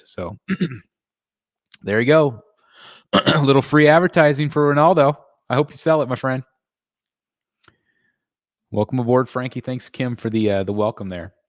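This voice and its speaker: A man in the middle of the usual pitch range hosts a relaxed live stream from home. He chats with viewers, reads out their comments and thanks new members, and his voice lifts sharply when he gets excited. The sound is dry and close, with almost no room echo. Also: moderate pace, long pauses. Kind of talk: casual live stream chat.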